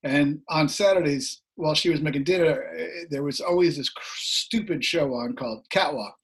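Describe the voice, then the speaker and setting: Middle-aged man, slightly hoarse, higher voice, animated storytelling, video call. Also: moderate pace. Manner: animated, laughs while telling anecdotes. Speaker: guest musician. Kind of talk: casual storytelling.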